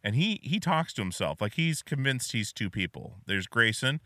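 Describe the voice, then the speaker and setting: A man's voice: mid-range voice, big pitch swings, moderate pace, bright, forceful tone, dry recording, studio quality. A man hosting a podcast, chatting casually and telling anecdotes. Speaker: podcast host. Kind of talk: casual chat.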